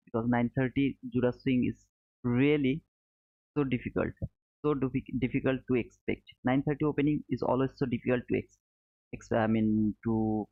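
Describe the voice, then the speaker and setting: Male trading streamer, mid-range voice, tinny lo-fi audio, casual step-by-step chart commentary. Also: mid-range voice. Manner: explains step by step, repeats points, calls viewers brother. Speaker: trading educator streaming live. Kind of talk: live chart commentary answering chat. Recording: narrow phone-like audio.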